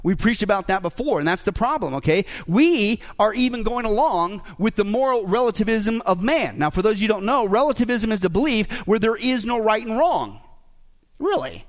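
A man's voice: sits high, very animated, normal speed. A male pastor preaching a sermon, joking and asking the congregation rhetorical questions.

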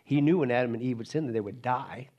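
A man's voice: mid-range voice, fast, highs cut off. A male pastor preaching a sermon, emphatic and full of rhetorical questions, calling his listeners "folks.".

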